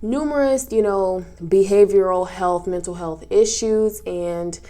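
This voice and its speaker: A recap vlogger chats casually about a reality show, tearful and sniffling as she goes, with plenty of fillers and restarts. Her voice is mellow, medium in pitch, and a little slow.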